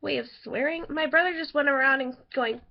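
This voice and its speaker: A woman's voice: sits high, fairly quick, gravelly, muffled recording. A young woman chatting casually to her camera, rambling with fillers and giggling between stories. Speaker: vlogger.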